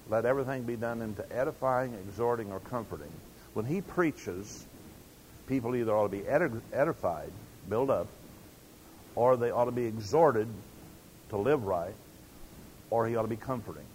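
A man's voice: mid-range voice, expressive, normal speed, darkish tone, a little hiss or hum, poor audio. An older man preaching a sermon, telling stories in a folksy way and acting out quotes. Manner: folksy storytelling with acted quotes.

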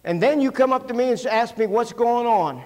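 A middle-aged man preaches in a folksy, storytelling way, his voice sitting high for a man. He acts out the people in his stories with sudden loud shouts. The sound rings with the long reverb of a church hall. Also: a little fast. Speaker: pastor. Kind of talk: sermon with stories. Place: church sanctuary.

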